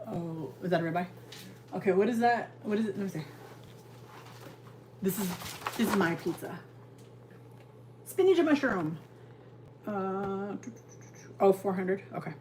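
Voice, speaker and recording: A woman's voice: medium pitch, animated, measured pace, pauses often, a little mellow, slight background noise. A woman from California hosting a live stream, chatting casually and rambling as she answers viewers' comments from her kitchen. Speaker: livestream host. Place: home kitchen.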